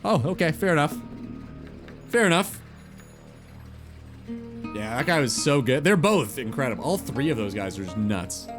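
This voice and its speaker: A man's voice: mid-range voice, animated, fairly quick, few pauses, music in the background. A man chatting casually on a gaming stream, rambling and swearing offhandedly.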